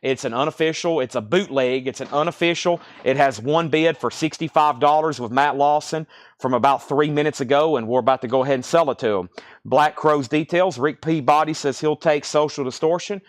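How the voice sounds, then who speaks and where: Man, slightly higher voice, live-sale host, fast auction patter, a bit winded. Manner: rapid-fire listing of prices and bids. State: out of breath.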